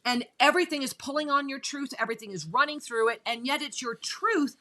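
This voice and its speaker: A woman's voice: high-pitched, a little fast, pushed and bright. A woman hosting a spiritual talk radio show, enthusiastic and speaking straight to her listeners. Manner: enthusiastic, addresses listeners directly. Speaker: host.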